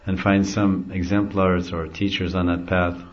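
A man's voice: deep voice, flat delivery, measured pace. A middle-aged man, a spiritual teacher, giving an easygoing devotional talk and chuckling often as he explains. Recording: dull lo-fi recording.

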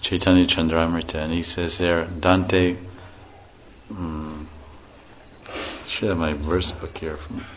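Slow and level in tone, a low-voiced spiritual teacher delivers an informal talk full of stories, chuckles and acted-out quotes, leaving long pauses. The audio is muffled and lo-fi, with faint hiss.

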